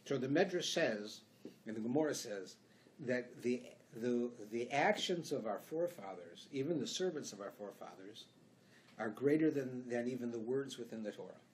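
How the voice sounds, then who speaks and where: A Canadian rabbi teaches a Torah class in a synagogue, his voice set at an ordinary middle pitch for a man. He talks in a loose, conversational way and slips into acted-out dialogue as he goes. A faint hum of room noise sits under his voice. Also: animated, normal speed. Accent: Canadian English.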